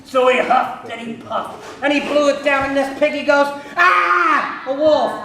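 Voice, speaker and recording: A man's voice: extremely high pitch, steady tone, moderate pace. A man telling a story to children in a playful manner, asking his listeners questions, heard in an echoey room with listeners around.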